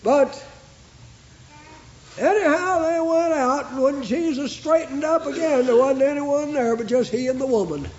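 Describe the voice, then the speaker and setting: A man preaching a sermon with fervent, rhythmic repetition that rises into shouts. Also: very high-pitched, measured pace, a little hiss or hum. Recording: echoey, dull lo-fi recording.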